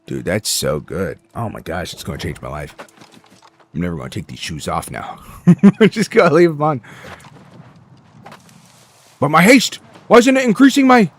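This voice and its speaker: A man giving casual, excitable commentary while playing a game, joking and talking to himself and the game. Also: fairly low pitch, moderate pace, pauses often. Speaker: gameplay streamer.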